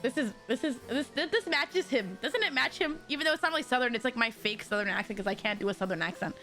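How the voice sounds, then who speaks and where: A woman streamer giving excitable, giggly commentary while playing a story game. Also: a little high, fast, hardly any pauses, faint music behind. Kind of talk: game let's play commentary.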